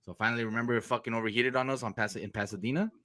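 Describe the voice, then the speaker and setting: La guy telling stories, slangy and profane, bright voice, dry sound. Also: mid-range voice, fairly even intonation, very fast, dry recording. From Los Angeles area. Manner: profane, laid-back slang. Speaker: podcast host. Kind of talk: casual storytelling.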